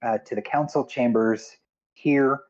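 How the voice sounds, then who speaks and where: Male game master, unhurried halting narration, dull lo-fi sound. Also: mid-range voice, steady tone, a little mellow.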